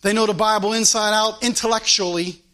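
A man's voice: high voice, steady tone, fairly quick, pushed and bright. A man preaching a fervent sermon as pastor, quoting scripture in old-style wording.

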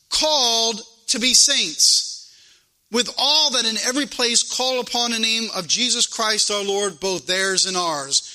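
Preaching with fervor, a male pastor repeats his points to drive them in, his high-set voice sounding sharp and piercingly bright on a rough recording.

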